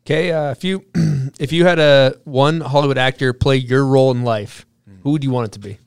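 A man's voice: medium pitch, fairly even intonation, fairly quick, clean tone, no echo, clean studio sound. Teasing man hosting a podcast. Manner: joking, teasing questions. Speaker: podcast host. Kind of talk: casual interview chat.

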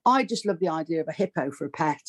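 A woman's voice: deep voice, fast, slightly rough. A woman, a voice artist chatting as a comedy podcast guest. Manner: chatty, animated, slips into funny voices. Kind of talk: comic conversation.

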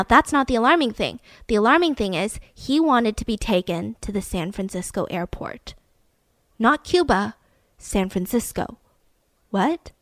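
A young woman telling a true story casually, animated and slangy, swinging between loud and hushed. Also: a little high, no room sound. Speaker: podcast storyteller.

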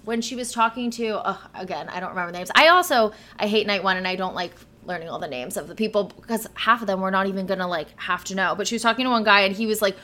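Chatty woman podcast co-host, bright tone, casual recap banter. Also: mid-range voice. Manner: chatty, quick asides, laughs often.

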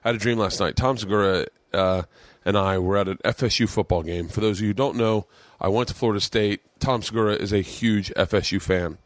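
A man in his forties hosting a podcast, telling a rambling, profane story with excitable energy. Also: on the low side, brisk, few pauses, dry recording. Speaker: podcast host. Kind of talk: casual storytelling monologue.

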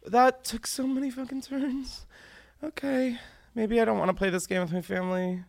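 A man's voice: very high-pitched, flat delivery, normal speed, gravelly, no echo, studio quality. A man hosting a podcast in casual chat, rambling, laughing often and swearing freely. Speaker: podcast host.

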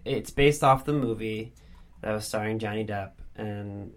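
A man's voice: lowish voice, unhurried. A man co-hosting a podcast in easy, casual chat. He teases his co-hosts playfully and sounds eager and enthusiastic. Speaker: podcast co-host.

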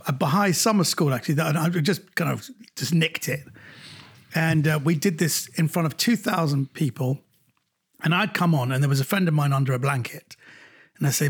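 A man in his fifties from London, a comedian telling lively anecdotes over a video call from home and acting out the quotes. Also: on the high side, brisk, slightly rough. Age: 50s. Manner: animated storyteller acting out quotes. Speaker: guest comedian.

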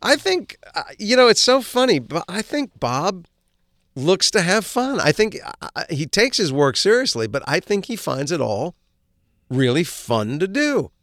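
A middle-aged man and actor, a guest, telling animated, self-deprecating show-business stories in a casual interview. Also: sits high, measured pace, no echo, clean studio sound.

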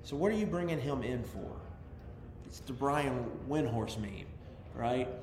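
A man co-hosting a sports podcast who talks things through in a measured, analytical way with dry humor. His mid-pitched voice sounds in a roomy, reverberant space, with clear background noise behind him. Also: expressive, darkish tone. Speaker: podcast co-host. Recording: echoey room, long reverb, background noise.

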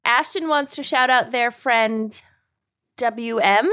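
A woman's voice: fairly high pitch, takes it slowly, bright, forceful tone. A woman co-hosting a podcast in easygoing casual chat, laughing often. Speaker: podcast co-host.

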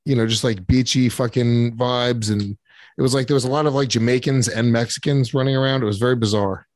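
A man's voice: mid-range voice, fairly even intonation, fairly quick, a little mellow, no room sound. Brief: male podcast co-host, brash and profane, close dry mic. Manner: profane, boisterous, swears constantly. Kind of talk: crude casual banter. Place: podcast studio.

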